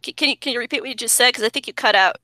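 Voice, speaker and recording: A woman guest in casual conversation over a video call, animated and talking through ideas with many restarts. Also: on the high side, rapid-fire, no room sound.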